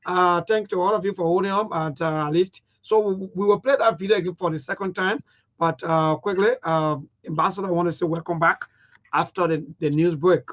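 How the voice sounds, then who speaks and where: A man hosting a casual studio talk show, animated and laughing, stumbling into quick restarts. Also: high voice. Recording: dull lo-fi broadcast audio.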